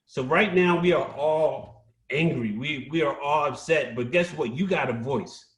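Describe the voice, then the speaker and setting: A man's voice: a little high, a little slow, a bit bright. A middle-aged man giving an impassioned, sermon-like motivational speech on a community stage, repeating phrases for emphasis. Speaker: storyteller speaking on a community stage. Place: live event stage. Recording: echoey stage sound.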